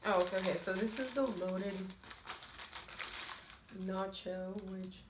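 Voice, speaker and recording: A woman's voice: mid-range voice, slow pace, background noise. A young woman hosting a casual eating show, talking to camera in a chatty, filler-heavy way, a little nervous and giggly. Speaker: mukbang vlogger. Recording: echoey room with faint ambience.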